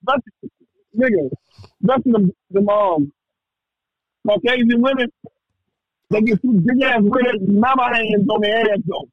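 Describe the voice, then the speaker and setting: A man with a high, husky voice rambles through crude podcast banter and keeps asking "you know what I'm saying." His mic sounds dull and lo-fi. It is dry, with no room echo. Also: unhurried, long pauses. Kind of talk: casual chat.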